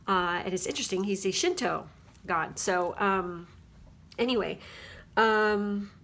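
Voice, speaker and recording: A woman's voice: mid-range voice, measured pace, fairly bright tone, slight background noise. A woman giving a casual spiritual card reading at home, rambling and chatty and often checking in with her listeners. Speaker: tarot card reader.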